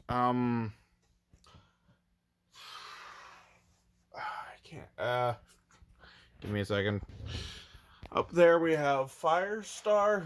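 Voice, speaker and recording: A young man talks in an unhurried, halting ramble full of ums and self-deprecating asides. He sounds tired from the late hour. His voice is smooth and clean, with a close, dry sound. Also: on the high side, fairly bright tone, no room sound. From Canada. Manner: hesitant, rambling, self-deprecating, many fillers. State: tired, recording late at night. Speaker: toy reviewer. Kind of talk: casual review vlog.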